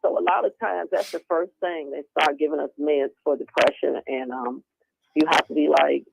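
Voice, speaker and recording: A woman speaking over a remote call line, lively and expressive as she acts out other people's words. Her voice has a gravelly edge, and loud noise sits under the whole recording. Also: low-pitched, moderate pace. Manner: animated, acting out quoted voices. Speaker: guest speaker on women's health. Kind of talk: casual conversational interview.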